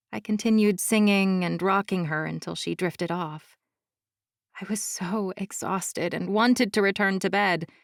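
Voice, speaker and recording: A woman narrating a fantasy romance audiobook in the first person, calm, soft and measured. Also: fairly low pitch, gravelly, dry recording, studio quality.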